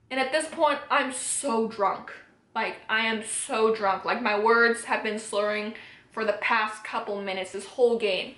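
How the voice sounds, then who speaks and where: A woman's voice: high voice, fairly bright tone. A young woman vlogger telling a personal story to camera, candid and emotional, swearing freely. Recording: roomy echoey room.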